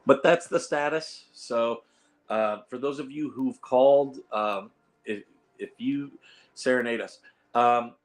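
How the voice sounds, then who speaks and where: A livestream host from Ohio with a Midwestern American accent chats casually from home, rambling, chuckling and restarting phrases. His medium-pitched voice is slow, hoarse and worn, as if he's losing it, and the recording is rough.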